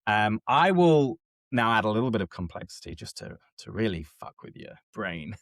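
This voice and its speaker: A man's voice: on the low side, moderate pace, no room sound. A man hosting a casual chat, explaining step by step and often checking that his co-host is following. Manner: animated, keeps checking in with listener.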